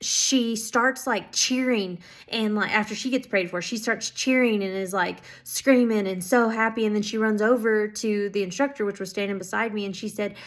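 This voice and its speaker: Excited woman sharing testimonies. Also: mid-range voice, normal speed, few pauses. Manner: excited, filler-heavy, many "like"s and "um"s. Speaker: ministry school student. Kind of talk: casual testimony storytelling.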